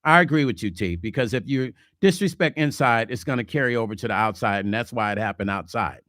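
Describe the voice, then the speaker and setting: A man hosting a casual livestream vlog, reading viewer comments and talking relationships in a chatty, animated way. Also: mid-range voice, fast talker, no echo, studio quality. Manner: chatty, animated, slips into mock quotes. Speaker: vlog host.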